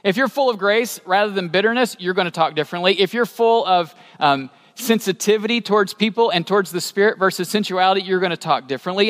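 A man preaching a sermon as a pastor, animated and rising to emphatic peaks, asking the congregation questions. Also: high-pitched, fast talker, hardly any pauses. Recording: long hall reverb.

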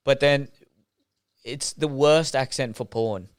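A man's voice: mid-range voice, takes it slowly, crowd noise. A man co-hosting a podcast, casual and crude, joking and swearing. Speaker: podcast host. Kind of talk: casual chat.

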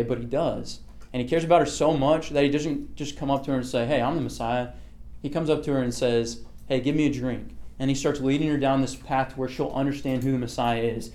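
Guiding a casual Bible study, this man talks through the passage in an easy, conversational way, his voice medium in pitch and a bit mellow. He frequently says "okay" to check in and poses questions to the group.

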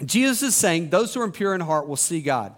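High-voiced man preaching a sermon. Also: sing-song, fairly quick. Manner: reads scripture aloud and explains it, asks rhetorical questions. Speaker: pastor.

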